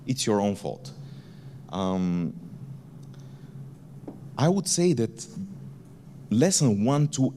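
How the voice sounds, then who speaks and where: A man's voice: lowish voice, a little mellow, a little hiss or hum. A man, a company founder, giving a candid keynote talk in a conference hall, with blunt language. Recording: reverberant conference hall, faint ambience.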